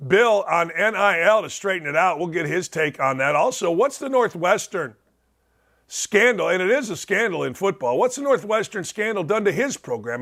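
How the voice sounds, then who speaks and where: A man's voice: sits high, fairly bright tone. A middle-aged man hosting a sports talk show, giving a blunt, fired-up monologue full of mocking asides.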